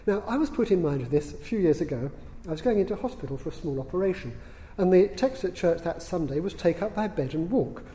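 A man lectures to an audience in a large hall, dry and witty, pausing on the odd "um." His voice sits a little high for a man yet sounds mellow and warm. A long reverb trails each phrase. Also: lively intonation, slight background noise. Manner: dry, witty, unhurried, with fillers. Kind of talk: public lecture.

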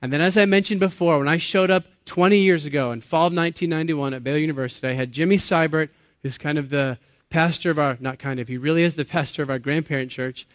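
A pastor in his late thirties preaches a sermon to a congregation in a church or meeting hall, his voice slightly raised, on the high side and fast with hardly any pauses. He is earnest and chatty, laughs at himself and quizzes the crowd. The sound is close and dry with little room echo.

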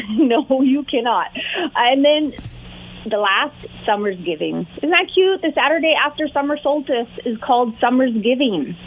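A woman's voice: high-pitched, lively intonation, a little slow, husky. Bubbly Southern Californian woman on phone. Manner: bubbly, laughs often. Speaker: realtor and guest. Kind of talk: casual chat over the phone. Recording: tinny phone line.

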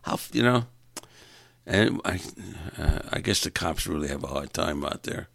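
A man's voice: rumbling low, expressive, normal speed, creaky, a bit bright, no room sound. A man in a rambling comic monologue, exasperated and ranting, stumbling over repeated words as he vents. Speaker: stand-up comedian.

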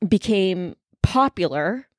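A woman's voice: medium pitch, expressive, slow pace, no room sound, clean studio sound. A woman co-host in casual chat, rambling and playful, full of filler words and restarts. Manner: playful, guesses freely.

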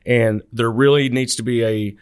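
A man co-hosting a podcast, relaxed and wisecracking as he chimes in. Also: medium pitch, moderate pace, clean tone, dry recording, studio quality. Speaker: podcast co-host, communications director. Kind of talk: casual podcast banter.

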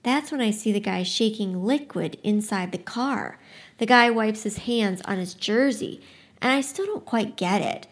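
A woman's voice: mid-range voice, a little slow. A woman giving a casual book talk, summing up a story in a chatty way and then reading a passage aloud with expression. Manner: chatty, relaxed, frequent "like" quotes; expressive first-person reading.

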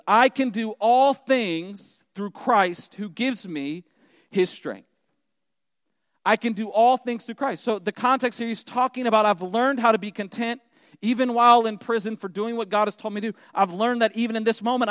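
Male pastor, high voice, emphatic sermon delivery with repeated refrains; dry close sound with long reverb tail. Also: fairly bright tone.

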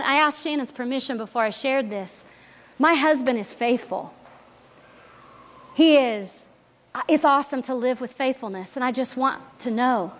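A woman speaking at a church, telling a personal faith story as an animated storyteller who acts out the voices. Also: high voice, normal speed, long pauses. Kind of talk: sermon testimony storytelling. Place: church sanctuary. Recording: long reverb in a church hall.

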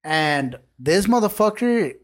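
A man's voice: high-pitched, big pitch swings, slow pace. A man in his late twenties hosting a podcast, telling a story in casual street slang with lots of swearing. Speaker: podcast host.

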